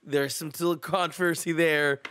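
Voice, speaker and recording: A man's voice: a little high, fairly even intonation, measured pace, a bit bright, no echo, clean studio sound. A man on a podcast, chatting plainly and matter-of-factly. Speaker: podcast regular. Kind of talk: casual chat.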